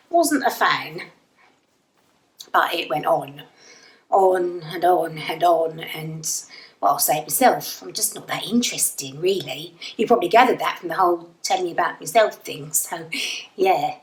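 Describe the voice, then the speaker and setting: A woman's voice: lowish voice, echoey room, far from the mic, rough recording. An actress playing a wry, self-deprecating young Englishwoman lost in a void, telling her story in a dry, rambling audio drama monologue. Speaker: narrator and lead character.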